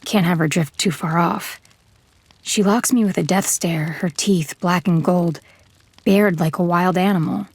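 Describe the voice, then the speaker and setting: A woman narrating an audio drama in first person as a tough, terse gunslinger, in a measured, hard-bitten way. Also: lowish voice, dry recording.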